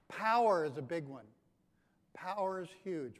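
A man's voice: high voice, expressive, unhurried. A pastor giving a conversational sermon, asking his congregation questions. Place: church sanctuary. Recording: long hall reverb.

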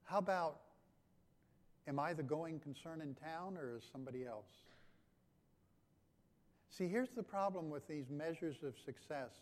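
Male pastor, fairly high voice, conversational sermon, long church reverb. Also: unhurried, long pauses. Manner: conversational preaching with questions to the congregation. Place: church sanctuary.

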